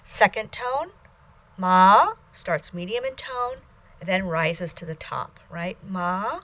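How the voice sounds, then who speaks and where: Lecturing teacher, a woman, slow and careful with fillers, sings out the example syllables. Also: mid-range voice, expressive, fairly bright tone. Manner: slow and deliberate, with uhs and ums. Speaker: language teacher. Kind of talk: recorded lecture.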